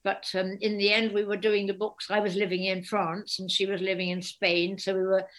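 Animated older woman telling stories. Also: mid-range voice, normal speed. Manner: animated storyteller, acts out quoted voices. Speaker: interview guest, author. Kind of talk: casual interview chat.

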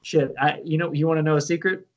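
A man co-hosting a podcast, laid-back and quick to laugh in casual chat. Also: fairly high pitch, fairly even intonation, heavy background noise. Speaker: podcast co-host.

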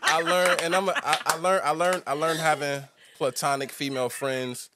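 A man hosting a casual podcast chat, halting and restarting, turning animated when he quotes people. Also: a little high, noisy background.

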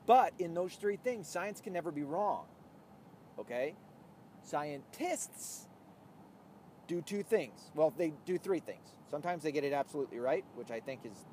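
A man hosting his own podcast rants bluntly and profanely in casual talk while driving a car. His voice is mellow and on the high side, with faint vehicle noise in the background.

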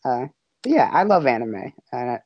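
A woman's voice: rumbling low, very animated, normal speed, no echo, muffled recording. A young woman hosting a podcast in casual chat, rambling and cutting herself off often. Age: young adult. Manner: rambling, self-interrupting. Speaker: podcast host.

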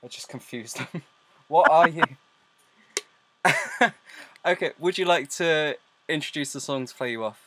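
Male radio host, easygoing, teasing, quick to laugh. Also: fairly high pitch, fairly bright tone. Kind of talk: casual radio chat.

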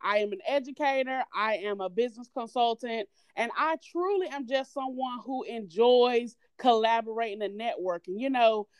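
A woman with a Southern twang talks as a podcast guest, bubbly and eager. Her voice is fairly high and smooth, and the sound is dry and close. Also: dry recording. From North Carolina. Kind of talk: casual interview.

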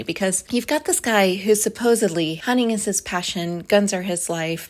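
A woman's voice: medium pitch, fairly bright tone. A woman in her thirties casually recapping a movie, full of sarcastic asides and frequent swearing.

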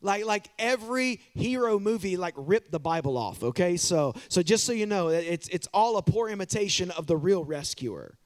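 A male pastor preaching a sermon in a church, animated and direct with the congregation, often repeating words as he builds a point. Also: sits high, moderate pace, hardly any pauses.

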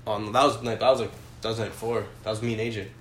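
Give me a young male podcast co-host who laughs while he talks, with a bright tone and faint room hiss. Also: fairly low pitch, flat delivery, fast talker, roomy sound. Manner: laughs a lot while telling stories. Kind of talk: crude casual chat.

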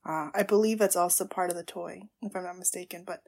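A woman podcast host reacting live to an anime episode, gushing and excitable, with frequent gasps and quiet hushed asides. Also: on the low side, fast talker, vocal fry. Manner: drops to hushed asides at tense moments.

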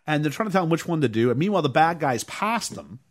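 A man casually recapping a movie on a podcast, telling it with lively energy and acting out lines in high voices. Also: fast talker. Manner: animated storytelling, acts out quotes in raised voices.

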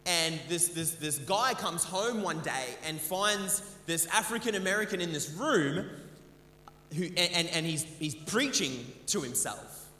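A man preaching a sermon in a church, his high voice bright and ringing. He talks earnestly and keeps repeating words as he restarts his thoughts. The mic picks up the long, echoey reverb of the hall. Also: expressive, measured pace. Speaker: pastor. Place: church sanctuary. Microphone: handheld mic.

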